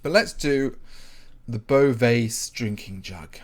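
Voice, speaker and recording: A man's voice: mid-range voice, takes it slowly. A man hosting a casual live stream, chatting with viewers while he builds in Minecraft. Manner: chatty and rambling, greets viewers by name, frequent ums. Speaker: livestream host, Minecraft map builder.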